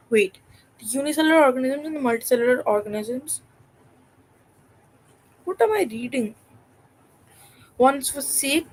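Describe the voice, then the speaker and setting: The audio is poor with slight background noise as a young woman from India, her voice high, reads a textbook on a study livestream. She is distracted and talkative, interrupting the text with jokes and swearing.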